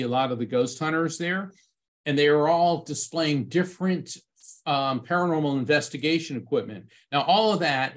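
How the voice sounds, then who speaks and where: A middle-aged man speaking as a medium at a conference, telling a personal story with lively acted-out moments. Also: a little high. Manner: animated storyteller, acts out quoted voices.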